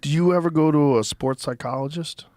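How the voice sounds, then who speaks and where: A man hosting a podcast, chatting casually and reacting with loud laughs and quick exclamations. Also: on the high side, no room sound, studio quality. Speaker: podcast host. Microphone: studio podcast mic.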